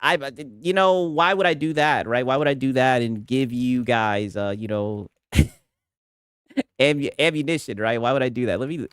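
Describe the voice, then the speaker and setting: A man reacting to posts on a casual stream, animated and laughing, with "right?" after many lines. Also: mid-range voice, a little slow, smooth, no echo, studio quality.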